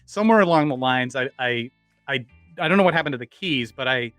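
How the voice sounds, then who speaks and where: A man's voice: mid-range voice, animated, a little fast, a bit bright, dry recording, faint music behind. A man, a podcast guest, casually telling stories with many restarts and rambling asides.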